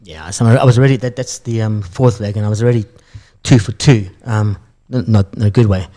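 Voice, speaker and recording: A man's voice: fairly low pitch, fairly quick, dark tone. A man co-hosting a sports radio show, chatting casually and poking fun at his own bets. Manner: chatty, self-deprecating about his bets.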